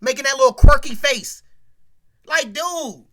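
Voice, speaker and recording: A woman hosting a casual commentary rant, animated and slangy, talking straight to her viewers. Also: sits high, measured pace. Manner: animated, slangy, keeps addressing the audience. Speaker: show host.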